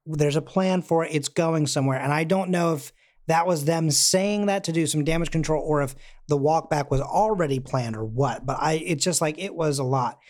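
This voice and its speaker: A man's voice: a little high, normal speed. A man co-hosting a casual podcast chat about comics, talking loosely and acting out quotes in put-on voices. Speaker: podcast co-host.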